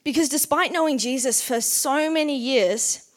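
In a high voice at normal speed, a female preacher delivers a laid-back sermon. Her talk is chatty and packed with "like," and she performs the quotes of the story's characters as she goes.

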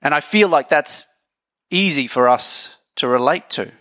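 A man's voice: a little high, animated, measured pace, pushed and bright, dry recording, studio quality. A man preaching a sermon in a conversational, joking way, talking with his audience.

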